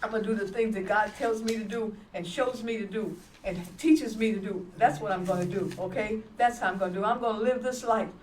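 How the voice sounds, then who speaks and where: A woman's voice: mid-range voice, a little fast, few pauses, a little hiss or hum. A woman evangelist giving her testimony in an emphatic, repetitive, plainspoken way. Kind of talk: testimony preaching. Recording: echoey room from far off.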